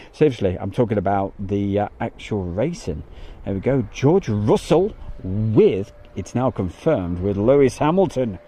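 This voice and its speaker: Outdoors by an airfield, a man with a medium-pitched, mellow voice hosts a casual livestream, chatting, reading viewer comments aloud and laughing easily.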